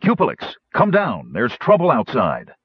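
A man's voice: medium pitch, huge pitch swings, moderate pace, slightly rough, dry recording, lo-fi sound, voice pushed up. Man voicing an earnest young knight. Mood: firm. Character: earnest young male knight, steady and dutiful. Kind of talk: audiobook character voice.

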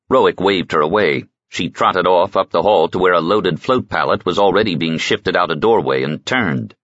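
Deep, husky male audiobook narrator. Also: moderate pace, few pauses, fairly bright tone, dry recording, muffled recording. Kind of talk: scripted narration.

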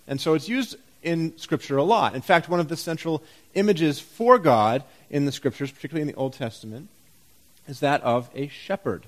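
A man preaching a sermon in a church, his voice a little higher than most. He talks in an easy, conversational way, asks the congregation rhetorical questions and drops in wry jokes. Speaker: pastor.

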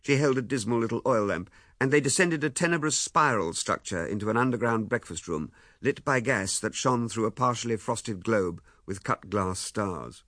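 An audiobook narrator with a voice on the low side reads a novel aloud in scripted narration, measured and expressive. The recording is dry, with clean studio sound.

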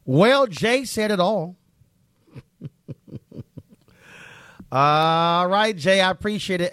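A male talk radio host speaks slowly and easily between calls, reading off the call-in number at a leisurely pace. His voice sounds dry and close, with no room around it. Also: high-pitched, smooth, no room sound. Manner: relaxed, drawling, reads out the call-in number.

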